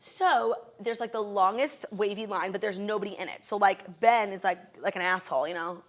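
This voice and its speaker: A young woman, a comedian and podcast co-host, telling a casual anecdote with lots of "like" fillers. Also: mid-range voice. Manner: fast, chatty anecdote-telling full of filler "like". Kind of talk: casual chat, storytelling.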